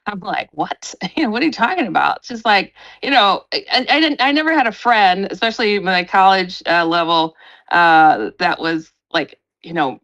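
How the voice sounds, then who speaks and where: A middle-aged woman, a paranormal researcher and radio host, telling a story in an animated way, acting out quotes with big jumps in pitch. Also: highs cut off.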